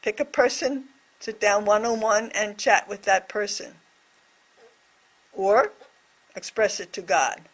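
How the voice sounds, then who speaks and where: A woman voicing a deaf presenter's signed reflection on a scripture story, speaking in short, measured phrases. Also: medium pitch.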